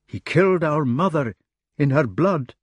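A man voicing a young knight, numb with grief, speaking in a halting, dazed way. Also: a little high, animated, no echo, voice pushed up. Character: young grieving male knight, stunned and numb.

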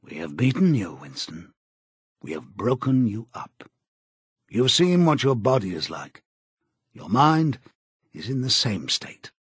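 A man voicing a cold, menacing male interrogator in an audiobook, speaking in a measured, contemptuous way. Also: mid-range voice, big pitch swings, slightly rough, no room sound, full character voice. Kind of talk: audiobook character reading.

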